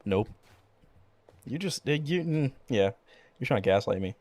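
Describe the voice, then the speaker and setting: A man's voice: medium pitch, expressive, unhurried, a little mellow, no room sound. A young man streaming a game, chatting casually in a rambling way, with many fillers and frequent swearing. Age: young adult. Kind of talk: casual chat while gaming.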